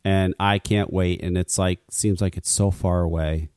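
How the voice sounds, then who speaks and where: A man's voice: deep voice, steady tone, normal speed, a little mellow, clear, resonant tone, dry recording, studio quality. A man hosting a talk radio show, ranting casually with lots of swearing and stammered restarts. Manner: profane, stammering rants.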